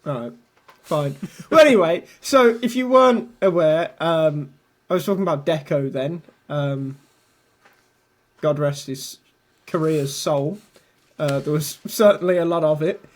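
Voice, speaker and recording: A man's voice: fairly high pitch, a little slow. A man hosting a podcast in casual banter, teasing his co-host, laughing often and swearing casually.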